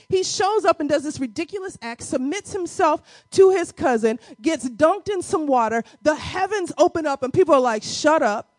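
A high-pitched woman preaching a sermon, her voice dry and close with little room sound. She moves between hushed Bible teaching and fervent, shouted calls, speaking to her listeners in a casual, familiar way. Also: no room sound. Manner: swings from quiet teaching to shouted, crying exhortation; colloquial, addresses congregation as y'all.

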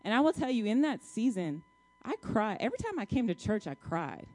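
A woman's voice: on the high side, very animated, a little fast, a little mellow. A married woman telling her testimony to a congregation in a colloquial, emphatic storytelling style, talking straight to her listeners. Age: adult, married, child-bearing years. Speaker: church speaker sharing a testimony.

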